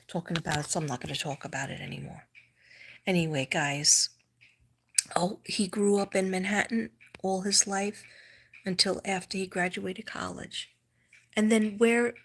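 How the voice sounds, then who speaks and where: A middle-aged woman with a New York accent, chatting casually with viewers on a livestream, rambling and restarting, sometimes dropping to a whisper. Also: medium pitch. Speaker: livestream host.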